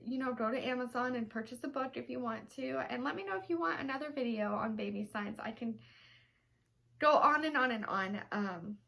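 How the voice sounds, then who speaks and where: A woman's voice: on the high side, a little fast, vocal fry, sharp tone. A young woman and mother talking casually to her camera, chatty and gushing, with lots of ums, emotional and close to tears. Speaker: vlogger mom. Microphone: camera mic, seated.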